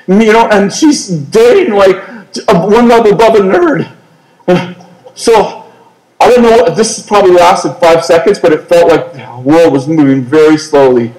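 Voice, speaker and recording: A male preacher telling a story in an animated, self-mocking comic way during a sermon. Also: high-pitched, echoey room, poor audio.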